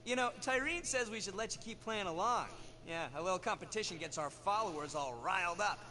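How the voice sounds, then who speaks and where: A man's voice: high-pitched, a little fast, a crowd in the background, lightly acted. An actor playing a cocky, arrogant young male villain in a video game cutscene, boastful and gloating.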